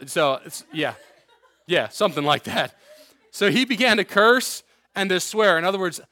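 A man with a slightly high voice gives a casual sermon to a youth group in a room. He reads scripture aloud and breaks in with joking asides. The sound is dry and close. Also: animated, normal speed, pushed and bright, no room sound. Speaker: youth pastor.

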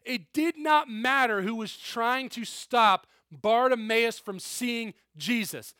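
Guy preaching, pretty high voice, dry close sound, chatty and loose. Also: slow, pushed and bright, dry recording. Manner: conversational preaching, frequent "okay?" asides. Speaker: pastor. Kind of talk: sermon.

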